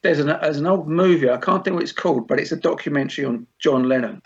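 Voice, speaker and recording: A man hosting a podcast in casual chat, an animated storyteller who acts out quoted lines. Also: fairly high pitch, fast. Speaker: podcast host. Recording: dull lo-fi podcast audio.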